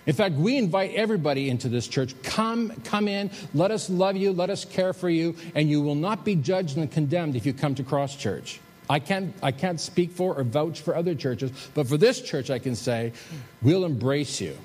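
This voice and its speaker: A male pastor delivers a sermon, swinging between emphatic, lifted phrases and quiet, drawn-out drops. His voice carries a long reverb from a large hall. Faint background noise sits under it. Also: medium pitch. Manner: preaching with emphatic rises and soft drops. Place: church sanctuary.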